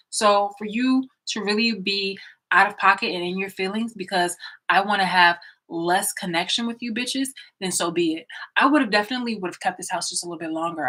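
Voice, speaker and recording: A woman's voice: on the low side, fairly bright tone, low-quality recording. A woman telling a personal story in a casual, rambling way from a room in her home, blunt and full of fillers and restarts. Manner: blunt, profane and emphatic. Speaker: vlogger.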